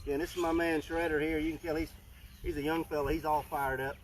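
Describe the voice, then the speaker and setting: A man keeping alligators, explaining them in a relaxed, joking way during an outdoor feeding demonstration. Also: fairly high pitch, quick pace. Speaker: alligator park keeper. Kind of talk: casual live animal feeding demonstration. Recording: noisy outdoor recording.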